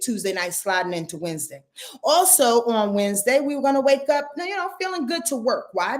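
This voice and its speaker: A woman astrologer giving a weekly forecast in an emphatic, preachy way, swearing freely and asking her listeners if they follow. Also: fairly high pitch.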